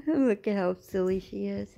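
A woman's voice: mid-range voice, a little slow, creaky, mellow, highs cut off, slight background noise. A woman cooing to her pet at home in repetitive, sing-song talk. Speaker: pet owner.

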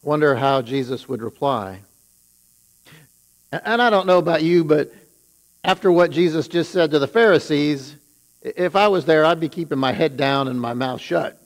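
A man preaching from the pulpit, his voice sitting a little high. He retells scripture in his own words and leans hard into each warning. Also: moderate pace, poor audio. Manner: paraphrases scripture with rising emphasis on the woes. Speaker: pastor. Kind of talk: sermon.

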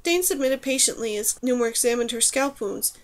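A woman narrates an audiobook in a steady, even reading voice. Her pitch sits a little high for a woman. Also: brisk. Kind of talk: scripted narration.

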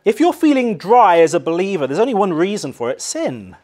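With a sing-song lilt and a slightly fast pace, an English-accented male pastor preaches. He moves from loud theatrical cries to quiet, low emphasis.

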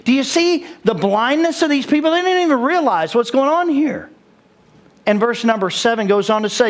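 A man preaching a sermon with lively, animated delivery, now and then chuckling at his own jokes. His voice sits notably high for a man. He speaks as a pastor addressing his congregation. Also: normal speed.

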